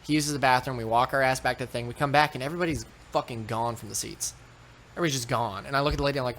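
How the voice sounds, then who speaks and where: A man from Texas, telling a story in casual podcast chat, animated and swearing often. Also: mid-range voice, rapid-fire. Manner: animated, swearing, acts out quoted voices. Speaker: podcast co-host.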